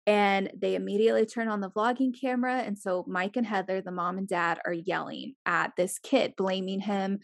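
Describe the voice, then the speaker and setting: A young woman chatting casually as a podcast co-host, animated, swearing freely and acting out the people she quotes. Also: medium pitch, moderate pace, vocal fry, few pauses, dry recording, clean studio sound. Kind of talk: casual chat.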